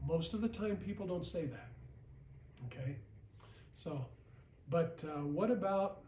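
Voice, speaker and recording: A man with a fairly high voice coaches a sales team. He talks plainly, comes back to the same points and keeps checking in with "okay?". The sound is roomy and echoing, picked up from some distance, with a faint hum of background noise. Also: expressive, a little slow, long pauses, dark tone. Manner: plain-spoken, repeats points, often asks "okay?". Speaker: sales trainer and regional vice president. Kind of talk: recorded sales training talk. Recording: echoey room, mic at a distance.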